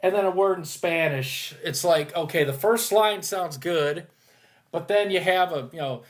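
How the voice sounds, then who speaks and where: A man's voice: fairly high pitch, a little slow. A man hosting a casual fan discussion, hesitant and rambling, with crude jokes. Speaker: host of fan ranking discussion. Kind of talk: casual chat.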